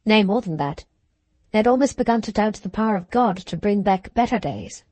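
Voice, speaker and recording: A woman reads a classic novel aloud in a measured, even way. Her voice sits at a middle pitch and the sound is close and dry, with no room around it. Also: no room sound. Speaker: audiobook narrator. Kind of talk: scripted audiobook narration.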